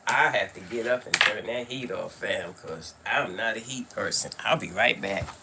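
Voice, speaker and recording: With a very deep voice at a moderate pace, a Brooklyn-accented older woman live-streams card readings indoors at home, and there's noise in the background. She's chatty, talking straight to her audience with "y'all" and "fam." She's from Brooklyn, New York.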